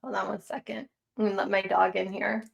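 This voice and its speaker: A woman's voice: mid-range voice, little pitch movement, fairly quick, creaky. A woman with a Chicago accent hosting a casual livestream chat, rambling and chatty with lots of fillers. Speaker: livestream host.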